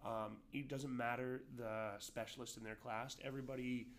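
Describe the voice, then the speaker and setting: A man's voice: mid-range voice, little pitch movement, normal speed, a bit bright, a little hiss or hum. A man, an amateur boxer giving casual interview answers, full of fillers and restarts. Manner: rambling, many fillers and restarts.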